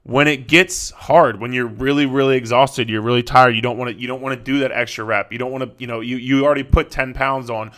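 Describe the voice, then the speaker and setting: A man's voice: medium pitch, fairly even intonation, a little fast, few pauses, a bit bright. A young man hosting a fitness podcast, talking in a casual, profane, rambling way with lots of fillers and restarts. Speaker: fitness coach and podcast host.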